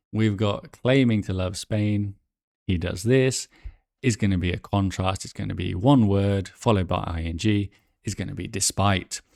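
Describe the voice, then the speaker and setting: A low, gravelly male voice walks learners through exam answers in a chatty way, thinking aloud and correcting himself. The sound is dry and close. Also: a little mellow, dry recording. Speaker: English exam teacher.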